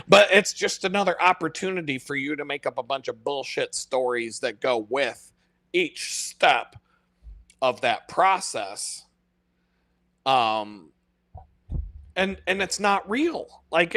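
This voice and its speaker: A man's voice: fairly high pitch, big pitch swings, slow, long pauses, pushed and bright, no room sound. A man hosting a live stream, ranting in an unscripted monologue, profane and exasperated but mocking himself.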